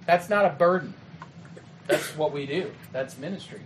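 A man giving a training talk to youth ministry leaders in a conversational way, often checking in with "okay?" and "right?" and acting out quick exchanges. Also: fairly high pitch, background noise. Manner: acts out quick quoted exchanges. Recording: echoey room with faint ambience.

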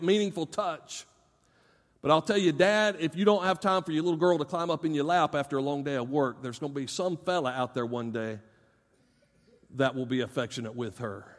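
A middle-aged male pastor preaching a sermon. He speaks straight to parents, swinging from loud emphasis to soft, low asides. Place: church sanctuary. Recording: long reverb of a large church hall.

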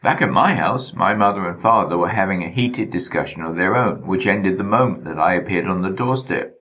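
A man reading his memoir in a wry, deadpan way. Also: low voice, a little fast. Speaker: narrator.

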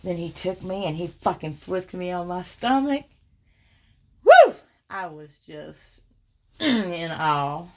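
A woman narrating an explicit erotic story in a slow, breathy, sultry way. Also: lowish voice.

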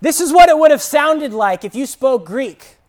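A preacher delivering an expository sermon, stressing single words and rising to shouted declarations. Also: high voice, expressive. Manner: slow, deliberate emphasis on single words.

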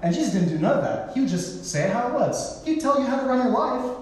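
A man's voice: very high-pitched, big pitch swings, quick pace, a little mellow, far from the mic. Man preaching in an echoey hall. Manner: casual storytelling with playful voices for quoted people. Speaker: pastor. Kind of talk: sermon.

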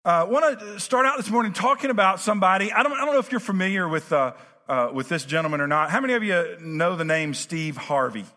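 A pastor preaching a conversational sermon, full of fillers and restarts, that builds to emphatic preaching. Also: male voice, high-pitched, animated, fast talker, sharp tone, soft background music. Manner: rising to emphatic preaching cadence. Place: church sanctuary. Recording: reverberant church sanctuary.

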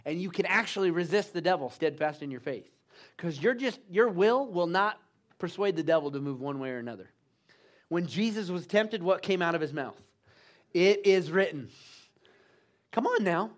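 A man's voice: high voice, expressive, brisk. A man preaching a sermon in a church, emphatic and full of call-and-response urging.

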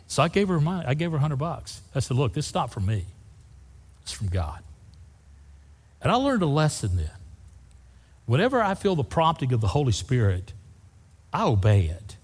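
A man's voice: medium pitch, slightly rough. A man preaching a sermon as a pastor, telling folksy stories and speaking straight to the congregation. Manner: folksy storytelling preacher, says y'all. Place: church sanctuary. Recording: long reverb in a large church hall.

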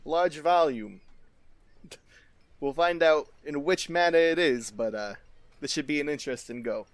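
A man's voice: fairly high pitch, a little slow, no room sound. A man playing a tabletop game in casual chat, hedging and hesitant as he describes his moves. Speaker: player.

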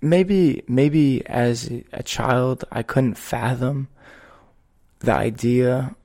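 Male podcast host, unhurried and earnest delivery, gravelly low edge in the voice, mid-range pitch. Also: dark tone. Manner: slow, measured, earnest storytelling. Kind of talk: reflective podcast conversation.

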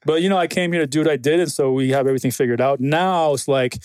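A man from Afghanistan in his thirties tells stories in easy, loose podcast talk. He's animated, swears freely and slips into the voices of the people he quotes. The recording is dry and close. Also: fairly high pitch, quick pace, dry recording. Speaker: guest, former Green Beret. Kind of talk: casual conversational storytelling.

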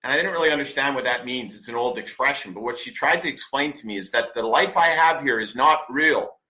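Forceful, blunt motivational man in his forties. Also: medium pitch, fairly quick, rough recording. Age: 40s. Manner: emphatic, blunt, swears often; preachy, repeats commands for stress. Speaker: podcast host. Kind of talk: motivational monologue.

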